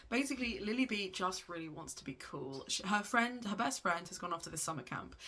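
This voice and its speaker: A woman's voice: lowish voice, pushed and bright. A young woman vlogging about her books in a chatty, gushing way, often breaking off and restarting mid-sentence. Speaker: book vlogger. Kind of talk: casual chat about books.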